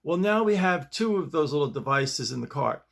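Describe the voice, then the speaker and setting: A man's voice: on the high side, expressive, normal speed, gravelly, fairly bright tone. A man hosting his own video show, telling a story in a casual, rambling way with many restarts, recorded in his bedroom. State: shaken up. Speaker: host.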